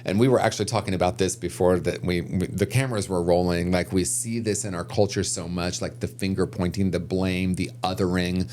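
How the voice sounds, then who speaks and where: A man with a low, deep voice talks as a guest in a podcast interview. He sounds reflective and earnest, working through his thoughts aloud and restarting sentences as he goes. A faint background noise sits under his voice. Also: fairly even intonation, brisk, few pauses, a little mellow. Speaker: guest, recovery author.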